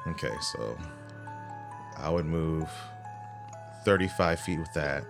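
A man's voice: rumbling low, expressive, slow, creaky, music in the background. A man playing a tabletop game, reading out rules and correcting himself. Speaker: player. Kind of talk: casual tabletop game talk.

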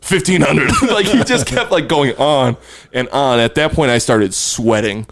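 A man telling a rambling story in casual conversation, laughing between lines at a middle pitch. His voice sits in an ordinary range. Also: big pitch swings, a little slow. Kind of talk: casual chat, telling an anecdote.

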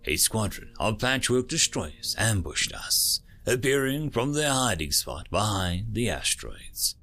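Gravelly male storyteller, lively delivery. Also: fairly low pitch, a little slow. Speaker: narrator. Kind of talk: dramatic first-person story narration. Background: faint music.

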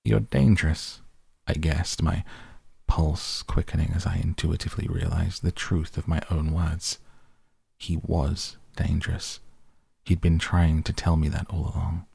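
A man reading a novel aloud in first person, slow, even and deliberate. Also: very deep voice, gravelly, husky, no echo. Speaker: audiobook reader.

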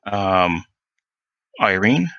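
A man's voice: on the low side, animated, drawn-out words, fairly bright tone, dry recording, lo-fi sound. A man running a tabletop horror game as game master, talking with many fillers and restarts.

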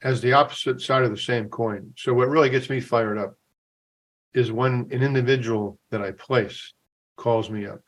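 A man's voice: medium pitch, steady tone, normal speed. A man, a recruiter and career coach, chatting enthusiastically as a podcast guest. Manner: enthusiastic, conversational, recounts stories. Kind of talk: casual podcast interview.

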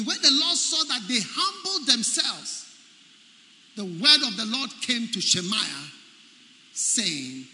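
A man preaching a sermon in a large, echoey hall, with faint ambience behind him. His voice sits high and bright, and it swings widely in pitch as he hammers home key phrases. He keeps checking whether his listeners are following. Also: slight background noise. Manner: emphatic, repeats key phrases, quizzes the congregation.

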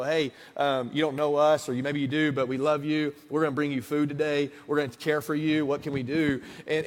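A man in his thirties preaching a conversational sermon, moving between hushed asides and emphatic passages. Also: fairly high pitch. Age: 30s. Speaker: pastor. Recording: long hall reverb.

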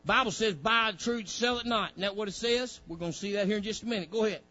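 A man's voice: sits high, quick pace, bright, forceful tone, muffled recording, soft background music. A male preacher, delivering a fiery sermon with folksy grammar, directing a reader and acting out pleading voices.

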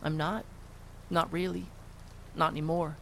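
A man's voice: fairly high pitch, flat delivery, unhurried, gravelly, a bit bright, a little hiss or hum. An actor in an audio drama playing a grown son who confronts his father with blunt, cursing sarcasm. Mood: quiet. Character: grown son, bitter and sharp-tongued toward his father.

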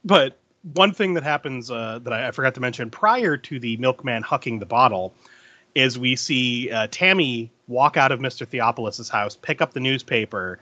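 A podcast host casually recaps a movie scene by scene in a mid-range, sharp-toned voice at normal speed. He laughs a lot and performs the lines he quotes. The recording is dry and lo-fi.

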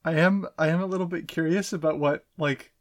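A man's voice: fairly high pitch, fairly even intonation, fairly quick, dry recording. A man co-hosting an anime podcast, speaking casually with a dry, wry manner and reading episode summaries. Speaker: podcast co-host. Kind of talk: casual chat and read summary.

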